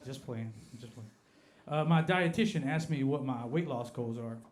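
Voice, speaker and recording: American stand-up comic with an Appalachian accent. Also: male voice, mid-range voice, normal speed. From Appalachia, United States. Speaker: stand-up comedian. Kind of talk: stand-up comedy set. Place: comedy club stage.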